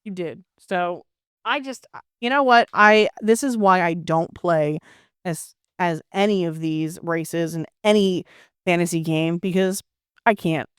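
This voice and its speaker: A woman's voice: on the low side, unhurried, clear, resonant tone, no room sound, clean studio sound. Playful exasperated woman chatting. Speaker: co-host, player's wife. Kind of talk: casual chat.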